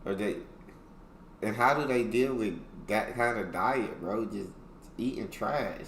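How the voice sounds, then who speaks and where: A man's voice: lowish voice, unhurried. An American man hosting a reaction video, chatting casually, laughing often and thinking aloud with fillers. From United States. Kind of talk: casual chat. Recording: echoey room with faint noise.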